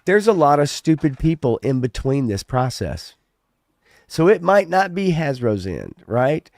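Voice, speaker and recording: A man's voice: a little high, very animated, unhurried, darkish tone, no room sound, studio quality. A man co-hosting a casual podcast, talking in a loose, ranting way with plenty of swearing. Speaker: podcast co-host. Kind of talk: casual chat.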